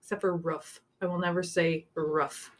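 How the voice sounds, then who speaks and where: A woman's voice: fairly low pitch, fairly even intonation, moderate pace. A young woman with a Canadian accent, co-hosting a casual podcast chat, talking freely with lots of swearing. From Saskatchewan, Canada. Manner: chatty and swearing, laughing often. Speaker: podcast co-host.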